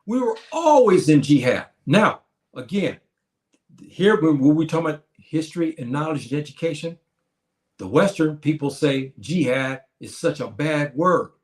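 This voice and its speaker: A man's voice: fairly high pitch, lively intonation, measured pace. A man in his seventies gives an emphatic, repetitive lecture to his community, often addressing the listeners as brothers and sisters. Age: 70s. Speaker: teacher of a class. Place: Morocco.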